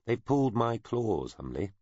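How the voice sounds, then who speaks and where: A man's voice: medium pitch, very animated, moderate pace, darkish tone, no echo, dull audio, pitched above the performer's own voice. A man doing a wry, guarded woman agent. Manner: dry, terse, wry. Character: cool guarded female special agent.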